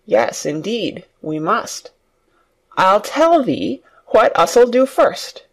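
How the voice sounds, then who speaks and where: A reader voicing a young girl who proudly tries out a broad country dialect, speaking slowly and playfully. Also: medium pitch, lively intonation.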